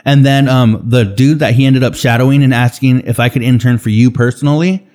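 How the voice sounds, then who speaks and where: A man's voice: medium pitch, fairly even intonation, brisk, darkish tone. A man co-hosting a podcast in casual chat, rambling through stories with frequent swearing. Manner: rambling, swears freely, mimics others. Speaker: podcast co-host.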